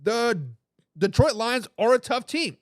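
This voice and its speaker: A high-voiced man hosts a live sports talk stream, talking quickly and animatedly, restarting his sentences and throwing in hype catchphrases. The sound is dry and close, with no room echo. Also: expressive. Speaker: sports talk show host.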